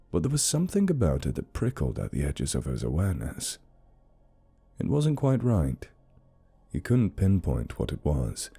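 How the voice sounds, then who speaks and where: A man with an extremely deep voice narrates a horror story in a slow, brooding, measured way. His tone is dark and mellow, and the delivery is steady, scripted storytelling. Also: slightly rough.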